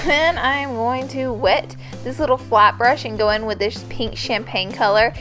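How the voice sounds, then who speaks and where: Young woman, bubbly, chatty makeup tutorial, slightly high voice, faint music behind. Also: fairly even intonation, measured pace, a bit bright. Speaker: beauty YouTuber. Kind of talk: casual makeup tutorial talk.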